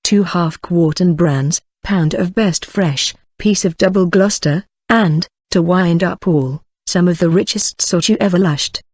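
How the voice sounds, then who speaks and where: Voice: mid-range voice, measured pace, hardly any pauses, darkish tone, breathy edge, no room sound, dull audio. An audiobook reader voicing a jolly young male thief who brags in street slang. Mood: gleeful. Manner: cockney slang, gleeful bragging.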